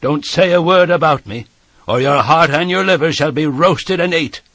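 A man puts on a fearsome convict in a storybook reading, growling and barking his threats at a louder, higher pitch. The voice stays rough and husky over a dry, close sound. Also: normal speed, no echo. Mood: threatening. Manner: growling threats, barked commands. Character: terrifying escaped convict, rough grown man, savage.

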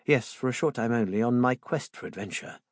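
A man's voice: medium pitch, a little fast, no room sound, studio quality, close to an everyday voice. A man doing an eager, boyish young botanist. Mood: earnest.

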